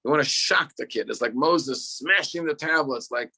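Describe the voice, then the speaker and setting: A rabbi leading an online class, his middle-pitched man's voice heavy with gravelly fry. He tells his stories earnestly and often repeats a word before going on. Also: normal speed, bright, forceful tone. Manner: storytelling, earnest, repeats words when restarting.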